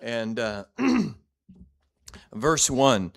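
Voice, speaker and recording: A man's voice: mid-range voice, expressive, normal speed, a bit bright. A man teaching a church Bible class in a blunt, direct, conversational way, often restarting and repeating words.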